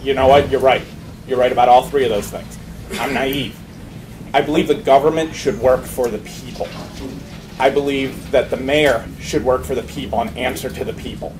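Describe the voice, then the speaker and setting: Candidate at a town forum, fiery and emphatic, mid pitch, noise behind. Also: male voice, steady tone, moderate pace. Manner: impassioned, emphatic, repetitive. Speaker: mayoral candidate. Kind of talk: campaign speech. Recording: noisy room recording.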